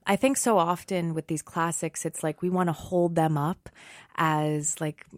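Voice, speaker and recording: A middle-aged woman, a stage actress, chatting in an interview in an animated, self-deprecating way and laughing often. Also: sits low, a little slow, no echo, studio quality. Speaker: guest, Broadway actress. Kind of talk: casual interview chat.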